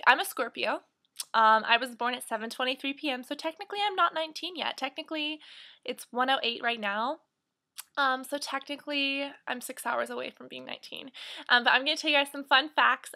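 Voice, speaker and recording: A woman's voice: high-pitched, bright, forceful tone. A 19-year-old woman vlogging from home in a rambling, chatty way, full of fillers. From United States. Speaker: beauty vlogger. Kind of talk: casual chat to camera. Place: at home, near the kitchen.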